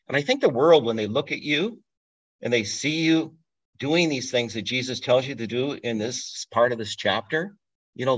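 A man's voice: mid-range voice, a bit bright. A man teaching from the Bible in a conversational sermon style, thinking aloud and asking listeners to stop and think. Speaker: pastor. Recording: dull lo-fi audio.

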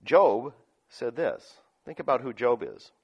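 A man preaching a sermon, reading scripture aloud and explaining it, moving between loud emphatic lines and quiet asides with frequent chuckles. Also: medium pitch, very animated, slow pace, gravelly, slightly rough, muffled recording. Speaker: pastor.

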